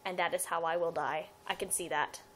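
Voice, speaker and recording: A woman's voice: on the low side, fairly even intonation, brisk, fairly bright tone, a little hiss or hum, rough recording. A young woman chatting into her webcam, answering fan questions in a loose, rambling way. She giggles, trips over her words and restarts her sentences as she goes. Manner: rambling, giggly, self-interrupting. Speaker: fan vlogger. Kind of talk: casual fan vlog Q&A.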